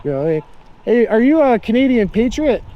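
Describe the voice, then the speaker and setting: A man with a high-pitched voice talks casually to his handheld camera as he walks through a city street and park. He is friendly and reflective, thinking aloud with plenty of fillers and stopping strangers to ask them questions. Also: sing-song, moderate pace, muffled recording. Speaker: street interviewer and vlogger.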